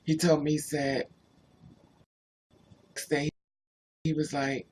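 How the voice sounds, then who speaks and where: A man's voice: on the high side, level tone, takes it slowly, long pauses, a little mellow, a little hiss or hum. A man on a casual livestream who tells rambling personal stories and answers viewers' chat comments as he goes.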